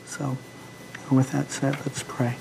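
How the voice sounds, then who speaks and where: A man preaching an informal midweek sermon in a church, talking in a halting way with frequent fillers and restarts. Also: mid-range voice, level tone, gravelly, background noise.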